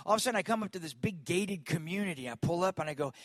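A man with a notably high-pitched voice delivers a lively storytelling sermon, calling on the congregation to join in. His voice sounds close and dry. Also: rapid-fire, no echo. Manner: lively, calls on the congregation to respond. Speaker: pastor.

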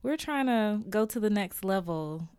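A woman's voice: mid-range voice, lively intonation, measured pace, warm tone, smooth. A woman guest on a podcast with a sultry voice, chatting casually and laughing a lot.

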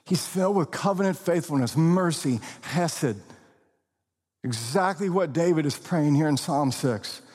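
A male pastor preaching with a husky, slightly high voice that rises and falls a great deal. He speaks slowly and deliberately, stressing key words. His voice rings out with the long reverb of a large hall. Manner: expressive preaching, slow deliberate emphasis, occasional laughs. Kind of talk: sermon.

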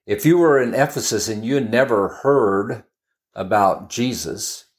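A man's voice: fairly low pitch, unhurried. A man preaching in a chatty, storytelling way, often restarting and adding asides as he explains a Bible passage. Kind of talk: conversational Bible teaching.

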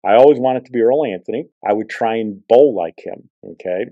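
A man's voice: medium pitch, brisk, dry recording, highs cut off, soft background music. A man hosting a podcast, telling rambling personal stories in a casual, conversational way. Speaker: podcast host. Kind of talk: casual storytelling.

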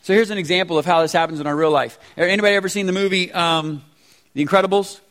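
A pastor in his forties who preaches a sermon in a casual, animated way with slangy asides. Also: high-pitched, fast talker. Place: church sanctuary. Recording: reverberant church hall.

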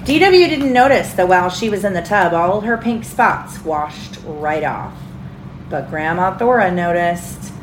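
A mother reading a storybook aloud to her children at home, pausing to ask them questions. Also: lowish voice, animated, roomy sound, slight background noise, poor audio. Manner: pauses to quiz the children.

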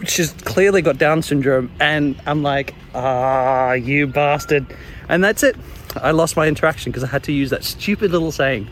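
Man, young adult, casual storytelling, animated, chuckling, slightly high voice, faint background noise. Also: a little fast. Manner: animated, chuckles as he tells stories.

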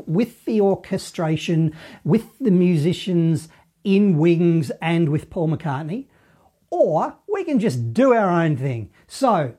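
Mellow-voiced Australian sax teacher. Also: male voice, high-pitched. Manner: encouraging, chatty, self-deprecating. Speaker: saxophone teacher. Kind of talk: play-along music lesson.

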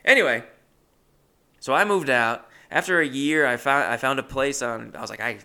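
A man's voice: medium pitch, moderate pace, sharp tone. A young man, a comedian, telling a rambling, self-deprecating story. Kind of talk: comic storytelling.

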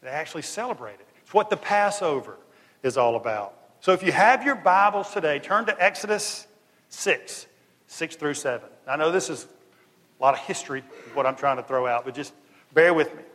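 Animated preacher. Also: male voice, fairly high pitch, normal speed. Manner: animated storytelling, acting out dialogue in casual slang. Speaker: pastor. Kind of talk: sermon. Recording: long hall reverb.

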